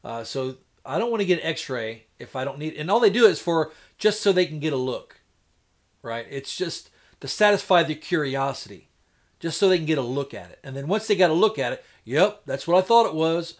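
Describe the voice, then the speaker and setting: A man's voice: on the high side, lively intonation, brisk. A man chatting casually on a live stream, rambling in a folksy way and acting out what the doctors said. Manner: folksy, rambling, acts out doctors in quoted voices. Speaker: homestead livestreamer.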